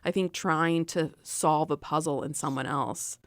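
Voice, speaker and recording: A young adult woman hosting a podcast, chatting casually with quick asides and easy laughs. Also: low-pitched, dry recording, clean studio sound. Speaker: podcast host. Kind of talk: casual chat.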